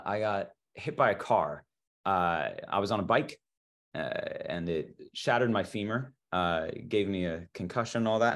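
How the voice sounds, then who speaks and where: A man, an actor guest on a podcast, chatting casually with many restarts and small laughs. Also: fairly low pitch. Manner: halting, lots of restarts and laughs. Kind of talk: casual interview chat.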